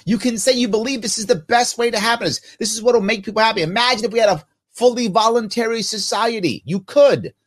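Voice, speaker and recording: Very high-pitched and fast, with few pauses, a podcast host casually answers viewer comments. He's animated and emphatic, asking himself rhetorical questions along the way.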